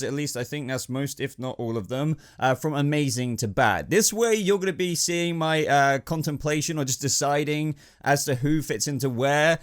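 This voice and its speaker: A young man with a hoarse voice, hosting a casual ranking video and thinking aloud in a hesitant, rambling way. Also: fairly high pitch. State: hoarse, losing his voice. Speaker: YouTube host.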